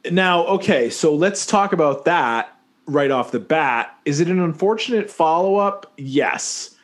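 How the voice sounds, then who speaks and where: A man's voice: fairly high pitch, lively intonation, a little slow. A man co-hosting a casual movie-review chat, rambling and jokey, often correcting himself mid-sentence. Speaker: podcast co-host.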